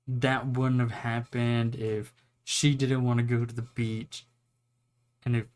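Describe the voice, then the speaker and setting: A young man casually retelling an anime plot, rambling and swearing, now and then acting out the characters' lines. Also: medium pitch. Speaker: anime reviewer.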